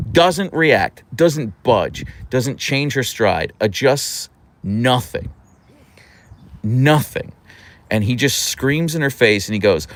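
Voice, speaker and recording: Lively young man telling a story. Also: on the low side. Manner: animated storyteller, laughs often. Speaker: livestream host. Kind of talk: casual livestream chat reading comments.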